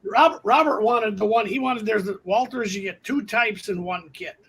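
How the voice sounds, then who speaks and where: A man hosting a casual live chat about his model railroad, explaining things in a halting, rambling way with many restarts. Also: sits high, a bit bright, husky, poor audio.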